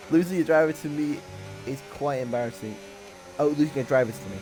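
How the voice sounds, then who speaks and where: A young man giving excitable, sweary live commentary on a sim race while bantering with his chat. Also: on the high side, brisk, faint music behind.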